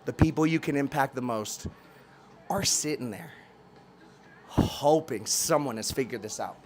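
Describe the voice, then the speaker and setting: A man's voice: a little high, a bit bright. A man giving an intense, challenging motivational rant, repeating his questions and swearing casually as a coach.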